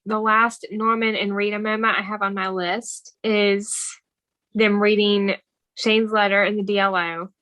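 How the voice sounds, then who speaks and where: Flat and unhurried, this medium-pitched podcast co-host recaps a film casually, reading its dialogue with warm earnestness. The audio is poor, though without room sound.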